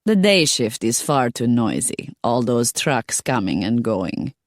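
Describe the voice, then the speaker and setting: Woman doing a calm, exotic-sounding older woman. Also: a bass voice, unhurried, dry recording, clean studio sound, heavily acted. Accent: foreign.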